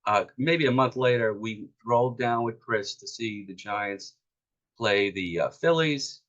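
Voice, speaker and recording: This is a man in his fifties sharing stories at a club meeting, speaking in a low voice with a forceful, bright edge. He talks casually and loosely, with fillers here and there. The recording sounds dull and lo-fi. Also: measured pace. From East Coast of the United States. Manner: storytelling, conversational with fillers. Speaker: author presenting his book.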